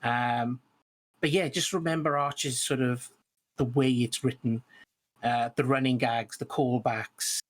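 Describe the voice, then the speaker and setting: A man's voice: mid-range voice, steady tone, unhurried. A man co-hosting a podcast in casual chat about tabletop games, talking hesitantly with many restarts. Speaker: podcast co-host.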